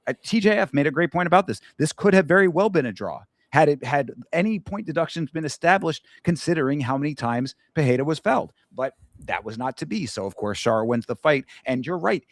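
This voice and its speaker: A man's voice: a little high, expressive, a little fast, few pauses, dry recording. Male podcast co-host, heated and emphatic, dry close sound. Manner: heated, emphatic ranting with restarts. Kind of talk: casual fight review chat.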